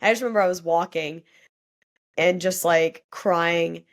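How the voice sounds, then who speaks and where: A woman's voice: lowish voice, measured pace. A young woman, a guest on a podcast, telling a personal story candidly and with feeling, often saying "like". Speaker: guest athlete.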